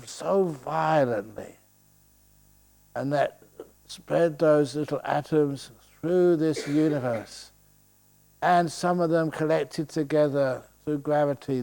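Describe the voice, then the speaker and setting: A man's voice: fairly high pitch, vocal fry, darkish tone. An older man giving a playful dharma talk at a meditation retreat, joking and laughing as he teaches.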